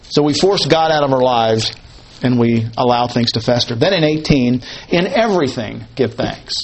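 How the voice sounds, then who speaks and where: A man's voice: medium pitch, moderate pace, a little hiss or hum, low-quality recording. A man teaching a Bible sermon, repeating key phrases and posing and answering his own questions. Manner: conversational, asks and answers questions. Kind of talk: expository sermon.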